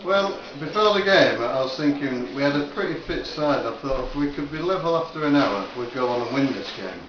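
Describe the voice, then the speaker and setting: Easygoing footballer, echoey. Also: male voice, a little high, expressive, brisk, a bit bright, a little hiss or hum. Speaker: amateur footballer. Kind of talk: casual post-match chat. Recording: echoey lo-fi recording.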